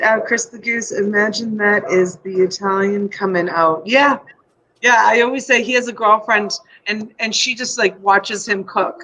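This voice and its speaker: A woman's voice: mid-range voice, pushed and bright, poor audio. A middle-aged woman hosting a casual live stream from home, chatty and rambling. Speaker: live-stream host selling items. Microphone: USB desk mic.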